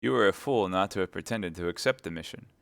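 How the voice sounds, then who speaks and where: A man's voice: low voice, quick pace, gravelly, no room sound, studio quality. A man reading a classic novel aloud, voicing a secretive cloaked agent who speaks scornfully and persuasively.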